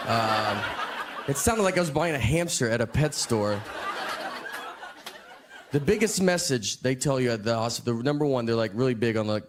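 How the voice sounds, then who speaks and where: A man doing a stand-up comedy set, telling stories in a deadpan way with low muttered asides. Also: normal speed. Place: theater stage with a laughing audience. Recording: live stage audio with audience noise.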